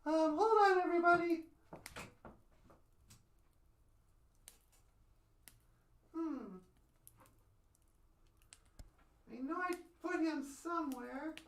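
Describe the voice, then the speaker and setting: A woman's voice: extremely high pitch, moderate pace. Playful woman, off-mic. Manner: playful, mock-flustered.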